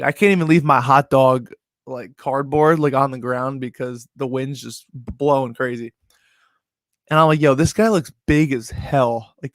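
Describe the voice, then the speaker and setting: A young man hosting a sports betting show, telling a rambling, animated story in casual talk full of "like" and "yo". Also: medium pitch, no echo, clean studio sound.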